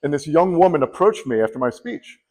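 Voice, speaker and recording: A man's voice: fairly high pitch, a little fast. Guy doing a funny story speech, voice jumps all over, big echoey hall. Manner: animated, acts out quoted people. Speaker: contest speaker. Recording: long hall reverb.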